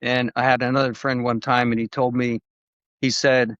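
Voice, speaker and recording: A man's voice: medium pitch, level tone, normal speed, a bit bright, no echo. A man, a guest on a podcast, telling a long story in a rambling, conversational way, with many restarts and acted-out quotes. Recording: dull lo-fi dry recording.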